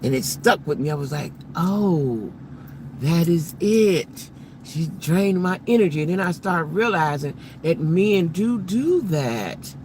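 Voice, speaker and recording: A woman's voice: fairly low pitch, animated, normal speed, hardly any pauses, a little mellow, a little hiss or hum. A middle-aged woman hosting a casual live stream from her car, chatting animatedly with her viewers. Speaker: livestream host.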